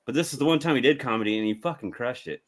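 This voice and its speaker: A man co-hosting a laid-back movie review podcast. He jokes, laughs a lot and swears casually. His voice sits at an ordinary middle pitch. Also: rapid-fire. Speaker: podcast co-host.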